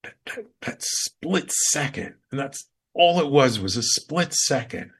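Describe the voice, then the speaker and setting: A man's voice: on the high side, lively intonation, measured pace, fairly bright tone, breathy edge. A man hosting a show, earnestly telling a heartfelt personal story with repeated emphasis. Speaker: show host.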